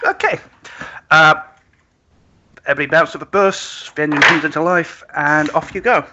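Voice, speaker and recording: A man's voice: fairly high pitch, moderate pace, muffled recording, heavy background noise. A man narrating as game master of an online tabletop game, hesitant, with lots of "uh". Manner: hesitant, filler-heavy.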